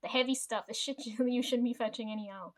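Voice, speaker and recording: A woman's voice: fairly high pitch, steady tone, fast talker. Rambling, foul-mouthed woman vlogger. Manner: rambling, frequent swearing, chatty asides; often laughs between thoughts. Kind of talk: casual storytelling to camera.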